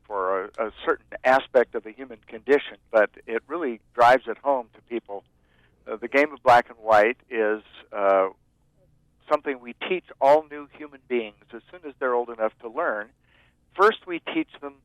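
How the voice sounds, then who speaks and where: A man being interviewed as a guest expert, calling in from outside and explaining his ideas in a measured way. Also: medium pitch, no room sound, low-quality recording. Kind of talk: calm explanation on a call-in.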